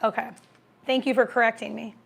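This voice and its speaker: A chatty woman hosting a casual livestream, answering viewer comments while she eats. Her voice sits a bit high and carries a gravelly, fry-tinged edge. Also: flat delivery, brisk, slight background noise. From American Midwest. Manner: chatty, reads comments aloud, talks while eating.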